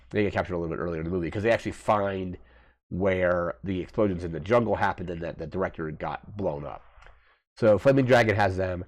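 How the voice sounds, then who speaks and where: Low-voiced man rambling through a movie recap. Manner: rambling, filler-heavy retelling. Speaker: host of a movie review channel.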